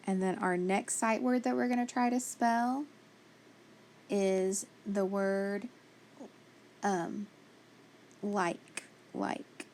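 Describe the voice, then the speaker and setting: A woman's voice: medium pitch, fairly even intonation, very slow, long pauses, a little mellow, a little hiss or hum. A woman teaching a phonics spelling lesson, patiently sounding out letters and praising each answer.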